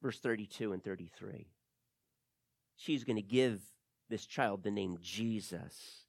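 A man preaching a sermon as pastor, reading scripture aloud with emphatic stresses and soft drops. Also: lowish voice, unhurried, gravelly, no room sound, studio quality.

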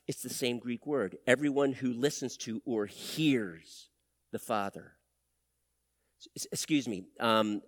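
A man preaching a sermon to his church, moving between loud, urgent stresses and hushed, near-whispered appeals. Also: on the high side, big-room sound. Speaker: pastor.

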